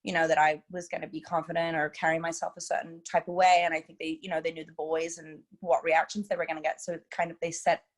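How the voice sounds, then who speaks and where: A woman's voice: sits low, fast talker, few pauses. Chatty young woman with British-LA accent. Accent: mix of British and Los Angeles. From England. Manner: chatty, many "like" and "you know" fillers, lively. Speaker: interview guest, reality show contestant. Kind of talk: casual chat.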